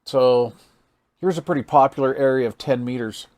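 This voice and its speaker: A man's voice: mid-range voice, moderate pace, darkish tone. A man hosting a casual hands-on radio gear demo, folksy and amazed, thinking aloud while he reads meters and counts into the mic. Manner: counts into the mic during test calls. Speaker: radio hobbyist channel host.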